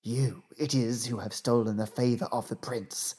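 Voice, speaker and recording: A man puts on a group of cruel, jealous women in a fairy tale who spit low, hushed threats. The voices drop below the narrator's own and turn quiet and spiteful. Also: fairly even intonation, normal speed, lightly acted. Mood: menacing.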